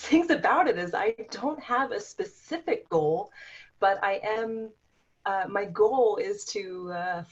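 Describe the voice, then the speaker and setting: A woman's voice: mid-range voice, husky. A woman guest on a call who talks hesitantly and giggles. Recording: muffled distant call audio.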